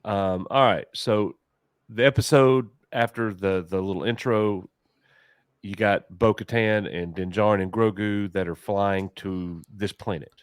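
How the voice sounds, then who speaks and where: Animated low-voiced man reviewing a show. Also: a little slow, clean tone, no room sound, studio quality. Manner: animated, mocking, exaggerated reactions. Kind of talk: casual review chat.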